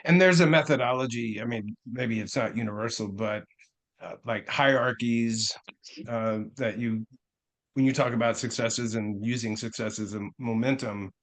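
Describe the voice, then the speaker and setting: A man's voice: mid-range voice, normal speed, poor audio. A man hosting an interview who asks a question hesitantly, with many fillers. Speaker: host.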